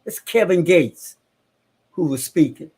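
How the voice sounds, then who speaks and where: Slow, high-pitched motivational man. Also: animated, a little mellow, breathy edge. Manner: preachy, repeats lines for emphasis. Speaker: podcast co-host. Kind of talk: motivational talk.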